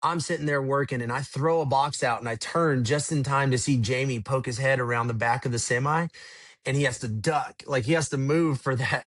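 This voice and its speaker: Man in his own voice, unhurried podcast storyteller, rambling and relaxed, mid pitch, dry close sound. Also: no room sound. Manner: rambling, laid-back, swears casually. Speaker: podcast guest, tour manager. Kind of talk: casual storytelling.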